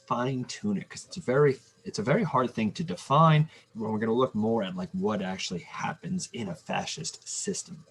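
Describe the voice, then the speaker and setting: A man teaching a remote history lesson in a casual, halting way, with fillers and restarts. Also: lowish voice, gravelly, slightly rough.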